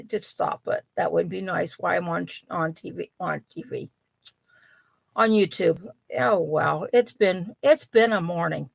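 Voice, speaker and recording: A middle-aged woman hosting a relaxed home chat, unhurried and rambling, full of ums and little apologies. Her voice has a gravelly, fry-edged texture, and the sound is close and dry with no room echo. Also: medium pitch. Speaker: host of a yarn and crochet channel. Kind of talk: casual live chat.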